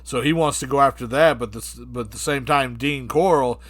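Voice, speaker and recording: A man co-hosting a podcast, telling a rambling, profane comic story in an animated way. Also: medium pitch, a little fast, dry recording. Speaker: podcast co-host. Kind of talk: comedic storytelling.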